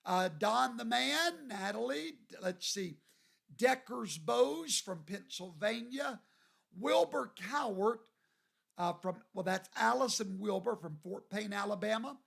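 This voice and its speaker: A man from Louisiana, hosting a livestream and greeting viewers by name in a folksy, drawn-out way. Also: high-pitched, animated, gravelly, a bit bright. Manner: folksy, drawn-out, reads viewer names aloud. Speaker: show host.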